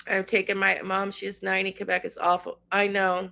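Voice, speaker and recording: Fairly quick with few pauses, this Canadian woman's medium-pitched voice carries vocal fry and a pushed, bright quality, yet her delivery is completely flat. The middle-aged tarot host cries and rambles on her livestream, speaking to viewers by name in an emotional chat.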